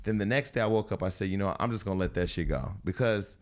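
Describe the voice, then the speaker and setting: A man hosting a talk show, telling a personal story in a casual, animated way. He swears freely and acts out what other people said. His voice sits a little low. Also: fast talker. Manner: animated, profane storytelling with acted-out quotes. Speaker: host.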